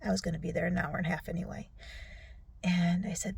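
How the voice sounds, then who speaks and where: A tearful middle-aged woman recording a personal video recap on her phone, speaking softly and often dropping to a whisper. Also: on the low side, flat delivery, quick pace, creaky, husky, no echo. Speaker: vlogger. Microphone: phone selfie video.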